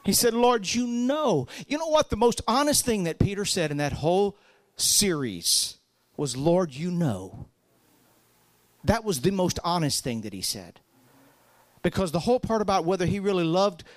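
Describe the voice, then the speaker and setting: A man preaching a sermon as pastor, telling stories and swinging from soft talk to loud, fervent passages. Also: high-pitched, big pitch swings, moderate pace, no room sound.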